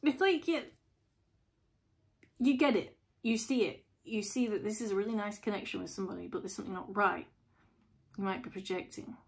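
A woman's voice: medium pitch, brisk, gravelly. Chatty woman giving a tarot reading. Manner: chatty, lots of rhetorical questions. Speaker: tarot reader.

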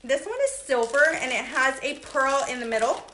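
A woman's voice: high voice, normal speed, fairly bright tone, echoey room, a little hiss or hum. A woman hosting a live jewelry sale, chatting casually and greeting viewers by name in an upbeat, friendly way. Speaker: jewelry seller hosting a livestream. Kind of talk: casual live sales chat.

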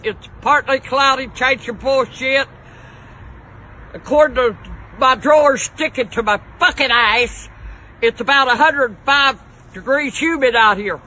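A woman's voice: sits high, measured pace, bright, forceful tone, low-quality recording. An older woman, ranting in a foul-mouthed, cranky way through mock news and weather reports outdoors on a balcony. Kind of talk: profane comic rant to camera.

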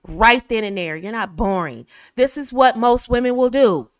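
A woman's voice: a little high, expressive, moderate pace, few pauses, no room sound. A middle-aged woman from the United States coaching a live class in a direct manner, acting out short phone dialogues. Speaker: etiquette coach.

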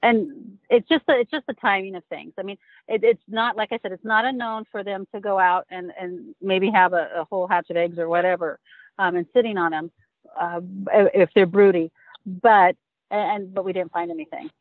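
A woman's voice: medium pitch, fairly even intonation, normal speed, no room sound. Woman guest over a tinny phone line. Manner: earnest, emphatic, recounting. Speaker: interview guest. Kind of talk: casual interview chat.

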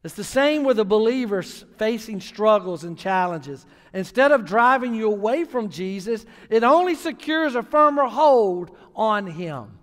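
Man preaching, very high voice, storytelling, emphatic, long church-hall reverb. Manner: storytelling preacher, builds to emphatic near-shouting. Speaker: pastor. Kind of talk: sermon. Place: church sanctuary.

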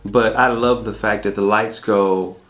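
A man's voice: lowish voice, fairly even intonation, unhurried, a bit bright, soft background music. An American man from Arkansas chatting casually in a family Q&A, often repeating words and restarting his sentences. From Arkansas, USA. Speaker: family vlog co-host. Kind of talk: casual Q&A chat.

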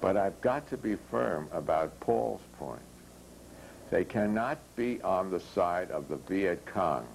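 Gruff deep-voiced argumentative guy in a spoken story, read by a man. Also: expressive, slow, a little hiss or hum, heavily acted, rough recording.

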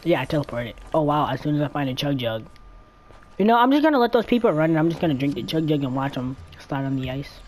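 A woman chatting casually while gaming with a friend, stammering and breaking into sudden shouts. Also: deep voice, fast talker. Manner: stammering, excitable, shouty outbursts. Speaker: gamer streaming with a friend. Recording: faint background noise.

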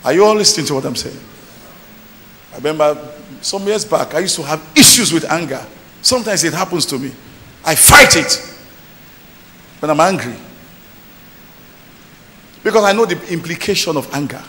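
A man's voice: fairly high pitch, animated, normal speed, pauses often, pushed and bright. A male pastor preaching a sermon in church, emphatic and often asking the congregation whether they are listening. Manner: emphatic preaching with call-and-response questions. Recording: reverberant church hall with faint noise.

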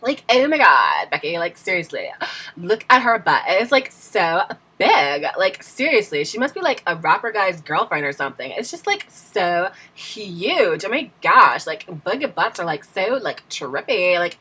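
A woman's voice: mid-range voice, pushed and bright, breathy edge, heavily acted. A woman voicing a shallow young valley girl who says "like" constantly. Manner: drawling, filled with "like".

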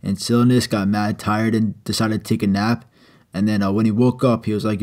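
A man's voice: lowish voice, flat delivery, fairly quick, darkish tone. Casual man retelling a myth in slang. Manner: slangy, casual, swearing, with "uh" fillers. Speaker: storyteller.

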